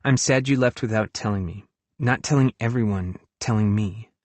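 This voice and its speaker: A man's voice: lowish voice, normal speed, a little mellow, dry recording, natural voice. A man voicing an earnest, hurt young woman who works as a camp counselor, in an audiobook. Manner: earnest, hurt, talks frankly about her feelings. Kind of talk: audiobook dialogue reading.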